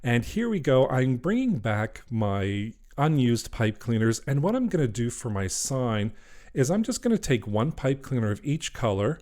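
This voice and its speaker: A man's voice: medium pitch, darkish tone. A man hosting a craft channel, walking through each step of a tutorial in a cheerful, chatty voice and gushing over the finished work.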